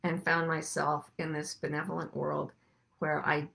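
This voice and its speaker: A middle-aged woman speaks to a group in a low, gravelly voice. She talks gently and reflectively, slowing down to let key ideas land, with a soft, personal warmth to her musing. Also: level tone. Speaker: podcast host and life coach. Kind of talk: reflective spiritual talk to a group.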